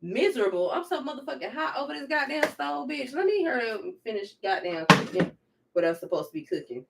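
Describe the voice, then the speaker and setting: A woman's voice: high-pitched, sing-song, fast, creaky, slight background noise. Blunt, foul-mouthed woman ranting at the stove. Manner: profane, blunt, emphatic. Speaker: vlogger. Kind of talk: candid rant while cooking. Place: home kitchen at the stove.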